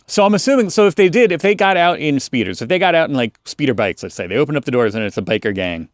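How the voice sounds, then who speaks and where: A man chatting on a podcast in a rambling, hesitant way, full of fillers and restarts. His pitch swings widely, and the recording is dry and close. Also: sing-song, quick pace, no echo. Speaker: podcast co-host. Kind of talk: casual chat.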